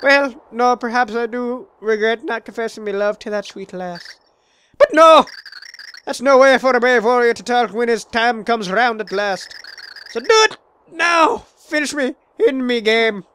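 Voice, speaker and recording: Game music underlies this reading, where a man with a Southern US accent plays a blustering warrior brute with shouty bravado, his Scottish brogue sliding back into Southern. His exaggerated voice is very high-pitched, pushed up and expressive, at a measured pace, with a little hiss or hum.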